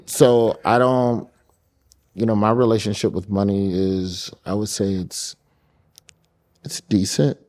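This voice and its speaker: A man talking casually as a guest, joking and animated, with frequent laughter. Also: on the low side, slow, long pauses. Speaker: guest comedian. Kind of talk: casual interview chat.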